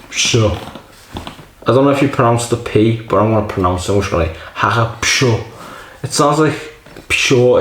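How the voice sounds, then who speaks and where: A man's voice: lowish voice, slight background noise. A man casually reviewing a beer, rambling and self-deprecating. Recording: echoey room.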